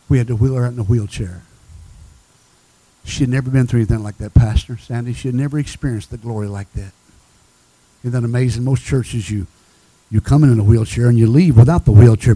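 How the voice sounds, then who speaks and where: Dark-voiced preacher man. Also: mid-range voice, breathy edge, no room sound. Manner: storytelling, animated, rising to exhortation. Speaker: guest preacher. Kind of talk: sermon. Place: church.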